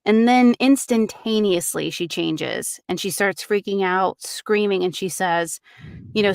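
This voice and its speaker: A woman hosting a true crime podcast, retelling a case casually with many fillers and quick acted-out quotes. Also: mid-range voice, no echo, studio quality.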